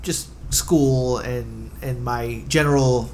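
A man's voice: mid-range voice, steady tone, takes it slowly, darkish tone, a little hiss or hum. A man co-hosting a podcast in casual chat, laid-back and chiming in briefly. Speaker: podcast co-host.

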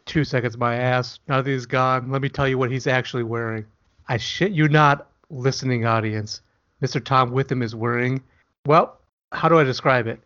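A man's voice: mid-range voice, steady tone, moderate pace, fairly bright tone. Crude teasing man on a muffled mic. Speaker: author and podcast co-host. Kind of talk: casual podcast chat.

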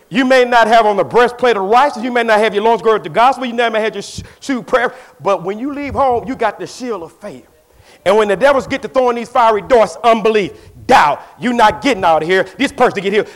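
A man pastor preaching a sermon in a church, moving from quiet storytelling to shouted call-and-response. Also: high voice.

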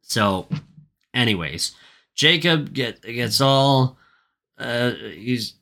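A man's voice: mid-range voice, expressive, drawn-out words, gravelly, bright, forceful tone. A man co-hosting a podcast, recapping a movie in casual chat, profane and ranting with lots of filler words. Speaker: podcast co-host.

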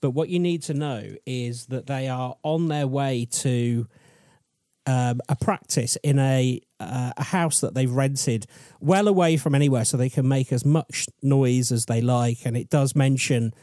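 With clean studio sound and no echo, a man with a warm, mid-range voice talks a little slowly as he co-hosts a podcast, presenting a story in a casual, wandering, self-deprecating style.

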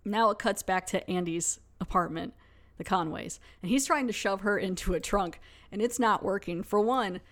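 A woman's voice: mid-range voice, normal speed, a bit bright. A woman hosting a podcast, recapping a TV episode in a chatty, casual way full of fillers. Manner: chatty, lots of "like". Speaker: podcast host.

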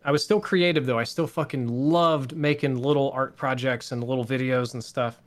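A man talks at length as a guest in a casual interview, in an articulate voice he has trained over years. He tells stories with dry, self-mocking wit. His pitch sits in the middle for a man. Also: steady tone, normal speed. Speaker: guest, gaming content creator.

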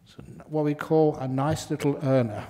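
A man's voice: on the high side, steady tone, moderate pace, dark tone. A man, a Buddhist monk, giving a humorous dharma talk in a chatty way and laughing at his own stories.

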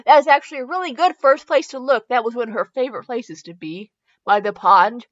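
A woman's voice: a little high, brisk, dull audio, natural voice. A woman reading aloud as a protective, worried young man pleading with a friend. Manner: read aloud from fanfiction, pleading.

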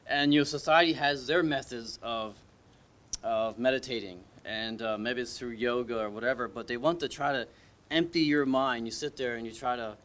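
A man's medium-pitched, fairly bright voice carries an informal church sermon at normal speed. Speaking conversationally and with hesitation, he often starts over and asks the congregation questions.

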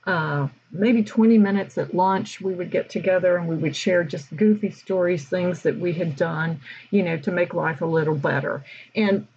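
A woman teacher tells stories casually on a podcast in a husky, breathy voice that sits on the low side with a darkish tone. She keeps a moderate pace and an easy, chatty manner full of fillers and laughs. The recording has the highs cut off and slight background noise.

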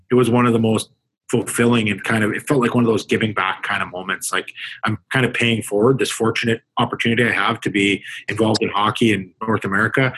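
Canadian hockey coach guy, husky voice, chatty and reflective, lots of restarts. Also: on the low side, a bit bright, poor audio. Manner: conversational, reflective, with frequent restarts. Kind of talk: casual podcast interview.

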